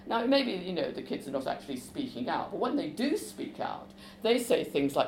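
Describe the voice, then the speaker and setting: A woman author talking about her visits to schools, lively and chatty. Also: sits low, moderate pace, few pauses, roomy sound, a little hiss or hum, poor audio. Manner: lively, chatty, with fillers and restarts. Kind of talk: talk with a book reading.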